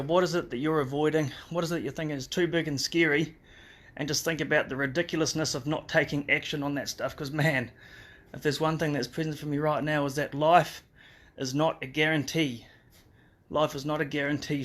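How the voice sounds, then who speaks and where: A man speaks into a phone from a hospital room on a live stream. His voice sits a bit high but stays flat and level. He talks in a heartfelt, emotional way, full of fillers and restarts. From New Zealand. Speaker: father recovering from a car crash.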